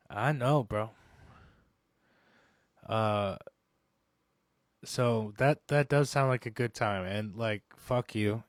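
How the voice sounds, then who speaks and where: Joking male co-host, fairly low voice, dry close sound. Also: dry recording. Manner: playful, joking, profane banter. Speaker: podcast co-host. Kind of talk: casual podcast chat.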